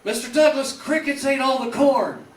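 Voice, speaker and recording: A man's voice: very high-pitched, fairly even intonation, moderate pace, roomy sound, distant mic, slight background noise, voice pushed up. A man on stage doing an impression of a dim-witted, cheerfully clueless farmhand during a stand-up set. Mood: dopey.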